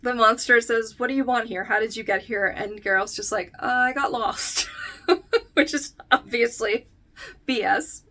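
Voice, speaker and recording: Here is a bright, crisp young woman talking a little higher than most as she recaps a book chapter for a review video. She chats loosely with plenty of fillers and frequent laughs, and now and then she slips into reading lines straight from the text. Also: normal speed. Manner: chatty, filler-heavy, laughs often, reads book passages aloud. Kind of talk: casual book-versus-show recap.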